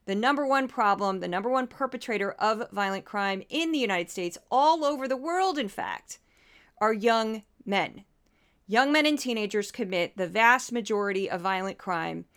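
Impassioned woman podcast host, smooth voice. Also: medium pitch, a bit bright. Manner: impassioned, indignant, getting worked up. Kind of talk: opinionated podcast commentary.

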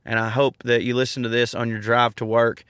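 A man's voice: mid-range voice, flat delivery, brisk, fairly bright tone, clean tone, no room sound, studio quality. A man in his thirties with a Southern accent, joking and rambling through a casual outdoor monologue as a podcast host. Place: outdoors in a park.

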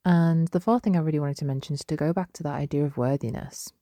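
A young woman hosting a solo podcast, chatty and gentle, with many fillers and restarts. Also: low voice, quick pace, no room sound. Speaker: podcast host. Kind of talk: casual solo podcast talk.

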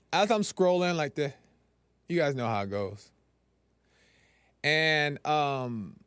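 A man's voice: on the high side, clean tone, dry recording. A man hosting a solo podcast, talking in a casual, conversational way, repeating phrases for emphasis. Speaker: podcast host.

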